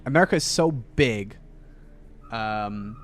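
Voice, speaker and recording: A man's voice: lowish voice, expressive, takes it slowly, a bit bright, faint music behind. A man chatting casually while playing a video game, rambling with many fillers and restarts. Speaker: game streamer. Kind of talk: casual chat while gaming.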